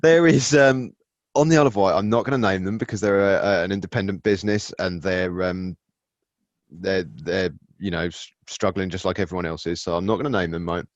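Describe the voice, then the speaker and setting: A man's voice: sits low, brisk, no echo. A man co-hosting a casual podcast chat, rambling and cursing, often stopping to restart his sentences. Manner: rambling, self-interrupting, profane. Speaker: podcast co-host. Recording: dull, dry lo-fi sound.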